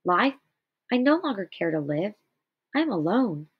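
A grieving, desperate man pleads to be believed, voiced by a woman reading aloud. His voice sits at a middle pitch. The recording sounds a little dull and lo-fi. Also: sing-song, moderate pace, breathy edge. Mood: despairing. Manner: pleading, despairing.

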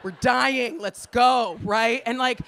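An American woman in her forties doing a stand-up comedy set, brash and profane, ranting in exasperation with sudden shouted outbursts. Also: a little high, slow, gravelly. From Los Angeles, US. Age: 40s.

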